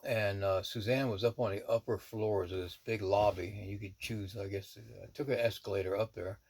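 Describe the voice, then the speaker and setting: A man's voice: lowish voice, steady tone, moderate pace, a little mellow, slightly rough. A middle-aged man, a shaman, telling a personal story in a rambling, easygoing way, full of asides. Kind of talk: casual spoken storytelling.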